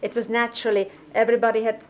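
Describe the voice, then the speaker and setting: A middle-aged woman, reminiscing in an interview and explaining gestures in a halting way with many pauses. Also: on the high side, flat delivery, highs cut off. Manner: halting, with fillers and restarts, laughs now and then.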